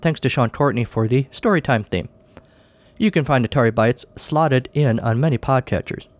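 A man's voice: medium pitch, normal speed, no room sound. A man hosting a podcast, reading a short story aloud and closing the show with offhand, dry remarks. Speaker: podcast host.

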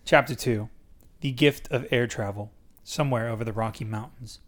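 A man's voice: medium pitch, moderate pace. Young man, podcast guest, reads a memoir aloud with mock drama and jokey asides. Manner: reads dramatically, breaks off to laugh and joke. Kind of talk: casual reading aloud with asides.

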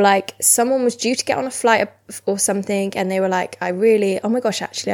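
A woman's voice: medium pitch, a little mellow. A young woman, chatting casually and rambling with lots of "like" fillers. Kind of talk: casual chat.

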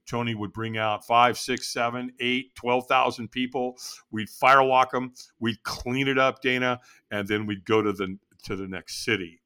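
A middle-aged man telling his story as an interview guest, acting out his own past lines with sudden leaps in pitch. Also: fairly even intonation, moderate pace, sharp tone, clean tone. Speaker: podcast guest.

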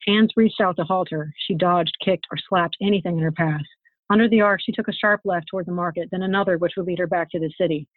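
A woman's voice: fairly low pitch, fairly even intonation, fast talker, no room sound. Woman author reading fantasy aloud, tinny. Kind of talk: reading her own novel aloud. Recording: tinny phone-like, dry sound.

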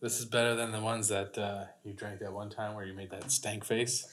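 A man's voice: on the low side, flat delivery, fairly quick, fairly bright tone. A man co-hosting a podcast in casual chat, joking and teasing and laughing a lot. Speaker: podcast co-host.

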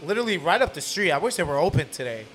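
Podcast host, 30s male, animated motivational chatter, bar setting with soft music. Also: fairly high pitch, racing. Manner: animated, motivational, says literally a lot. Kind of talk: casual chat.

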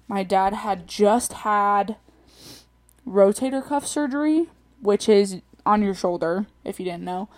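Young female solo host, casual chatty storyteller, quick laughs, animated rants. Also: medium pitch. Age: young adult. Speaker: podcast host.

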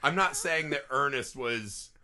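This mid-range male voice is animated and sharp-toned, moving at a measured pace. He co-hosts a movie podcast, telling stories in casual chat, swearing often and laughing through his lines, and he grew up in a small farm town.

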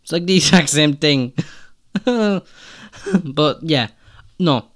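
A man's voice: a little high, animated, slow pace, a bit bright. Rambling young man. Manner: rambling and self-conscious, with frequent hesitant restarts. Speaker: podcast host. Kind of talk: solo podcast monologue.

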